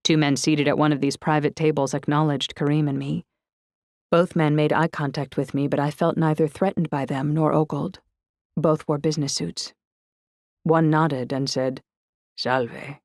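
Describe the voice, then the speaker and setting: A woman narrating an audiobook in the first person, steady and descriptive. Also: sits low, moderate pace, dry recording, clean studio sound.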